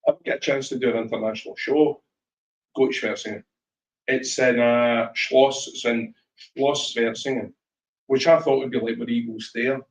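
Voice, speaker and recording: A Scottish man spinning animated anecdotes at a live whisky tasting, slipping into voices to act out his stories. He sits some way from the mic, and the room rings around him. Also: medium pitch, moderate pace, roomy sound, far from the mic, a little hiss or hum, rough recording. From Scotland. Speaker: whisky guest speaker. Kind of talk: live storytelling chat at a tasting.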